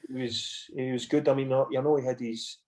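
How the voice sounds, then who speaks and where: A man's voice: medium pitch, fairly even intonation, fairly quick, a little mellow. A Scottish man in his forties, a former footballer guesting on a podcast, telling long casual stories full of "you know" asides. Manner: rambling anecdotes with frequent "you know" and swearing. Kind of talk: casual storytelling chat.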